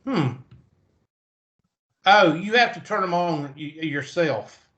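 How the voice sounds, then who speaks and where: A man's voice: fairly high pitch, lively intonation, slow pace, a bit bright. A man with a Southern US accent teaching a math class over a video call, chatty and thinking aloud as he goes. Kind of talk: online class lecture. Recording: muffled video call audio.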